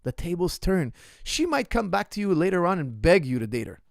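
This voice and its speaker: Blunt gravelly-voiced male coach. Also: high-pitched, big pitch swings, brisk, dry recording, studio quality. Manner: blunt, emphatic, opinionated, repeats his points; addresses the viewer directly. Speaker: martial arts coach. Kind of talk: ask-me-anything Q&A monologue.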